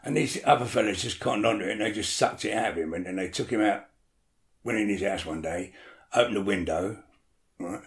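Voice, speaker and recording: Lowish and brisk, the man's voice carries a roomy sound as he spins a story in casual conversation. As the storyteller guest, he swears liberally and performs the quotes with lively energy.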